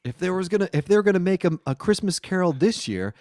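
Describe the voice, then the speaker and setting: Male co-host, high lively voice, crude jokester, dry mic. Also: fast talker, no room sound. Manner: joking, brash, playful voices. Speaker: podcast co-host. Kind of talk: casual, profane banter.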